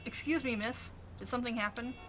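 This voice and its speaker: A woman's voice: a little high, fairly quick, a bit bright, a little hiss or hum, pitched above the performer's own voice, close to an everyday voice. A woman voicing a wary, flustered young man in a game, talking apologetically.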